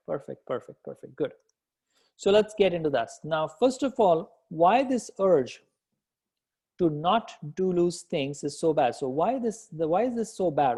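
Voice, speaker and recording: A man leads a live coaching session with a fairly high, mellow voice. He keeps encouraging his listeners, repeats his points and answers their replies as he talks. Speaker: business coach.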